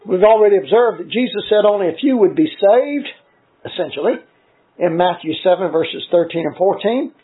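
A high-pitched male preacher delivering a sermon, measured and earnest as he works through scripture. The sound is thin and tinny, like it came over a phone line. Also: lively intonation. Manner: measured, earnest teaching with frequent scripture citations.

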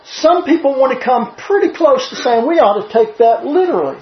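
A man's voice: very high-pitched, expressive, a little fast. A man giving a sermon-style Bible teaching, emphatic and full of rhetorical questions. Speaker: preacher. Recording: roomy, slightly dull sound.

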